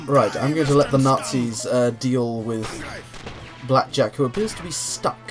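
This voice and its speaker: A man's voice: medium pitch, normal speed, music in the background. A young man giving casual gameplay commentary, giggly, rambling and easily distracted. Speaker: let's play commentator.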